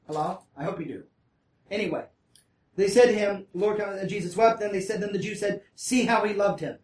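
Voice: mid-range voice, darkish tone, a little hiss or hum. A Bible study teacher who reads scripture aloud, then breaks off to explain in a casual way and keeps checking in with the group. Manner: often checks in with listeners. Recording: roomy, distant mic.

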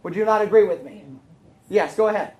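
A woman's voice: medium pitch, fairly quick, darkish tone, low-quality recording. A woman teaching scripture to a congregation in a conversational sermon, often checking in with the room through questions. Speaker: Bible teacher.

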